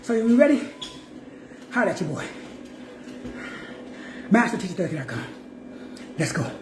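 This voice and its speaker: Lively preaching man in a roomy echo. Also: sits high, moderate pace, slight background noise. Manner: emphatic, repetitive preaching cadence with slang. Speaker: self-help teacher. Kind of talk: preachy motivational talk. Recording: roomy echo, faint music.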